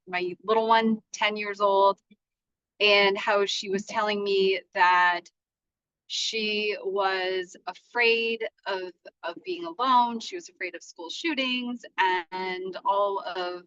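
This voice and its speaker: A woman in her forties hosting a podcast from her parked car, talking in a rambling, halting way with many restarts. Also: mid-range voice, bright, forceful tone, no echo, dull audio. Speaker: podcast host. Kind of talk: casual solo podcast monologue.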